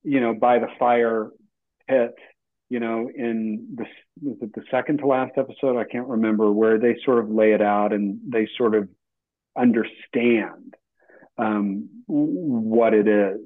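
A man, an actor guest, speaking in a halting, reflective way full of fillers during a casual interview chat, heard over a tinny line. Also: medium pitch, steady tone.

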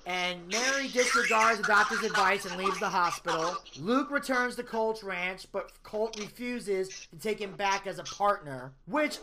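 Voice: medium pitch, background noise. A podcast host giving a casual, rambling plot recap of a TV show, with personal asides.

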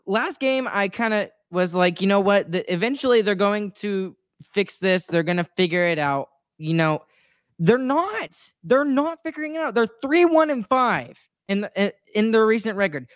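A woman's voice: a little high, very animated, a little slow, no room sound, clean studio sound. A woman co-hosting a sports talk show, venting her frustration in a rambling, emotional way with many restarts and apologies. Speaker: sports podcast co-host. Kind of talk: casual chat.

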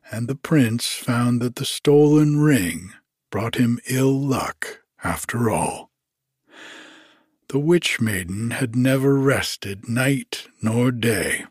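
A man narrating a fairy tale audiobook in a measured, even storytelling manner. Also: mid-range voice, breathy edge, dry recording, clean studio sound.

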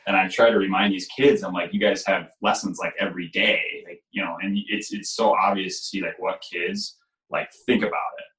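A man with a very low voice talks in a loose, rambling way, full of "like" and "you know". His tone is bright and forceful despite the depth. The sound bounces around a roomy space. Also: a little fast. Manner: relaxed storytelling with many fillers. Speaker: goalie coach. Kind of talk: casual conversation. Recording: echoey room.

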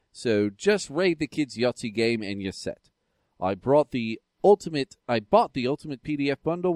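Man voicing a chatty Australian dad, friendly, animated pitch, dry sound. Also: dry recording, close to an everyday voice. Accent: Australian, put on. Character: cheerful Australian geek dad writing in. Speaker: listener email read aloud.

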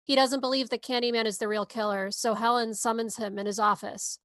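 A woman's voice: on the high side, steady tone, fairly quick, a bit bright, dry recording. A woman podcast co-host giving a movie synopsis in a casual, sarcastic way. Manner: sarcastic, wry asides.

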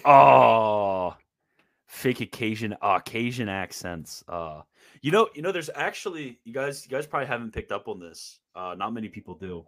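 A man's voice: fairly low pitch, expressive, normal speed, no room sound, studio quality. A young man with a Maryland accent, chatting casually and rambling through stories with many fillers and restarts. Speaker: podcast host. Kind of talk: casual chat.

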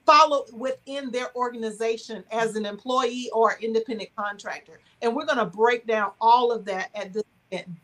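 A woman organizing an event, giving an earnest, measured, sermon-like faith-based speech on a podcast. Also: fairly high pitch, fairly bright tone.

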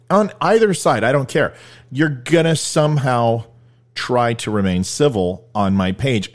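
Male podcast host, blunt and digressive, casual opinion talk. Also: medium pitch. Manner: rambling, blunt, self-mocking asides.

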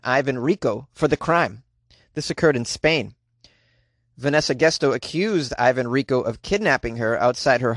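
A man hosts comedic news commentary on a dry recording, sarcastic and animated. He laughs often and jumps into a high, squeaky voice for his quips.

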